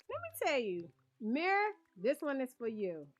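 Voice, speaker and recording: Streaming a cozy game, a woman chats casually and laughs a lot with viewers, her high-pitched voice swooping wildly and moving a little slowly. Audio comes through dull and lo-fi.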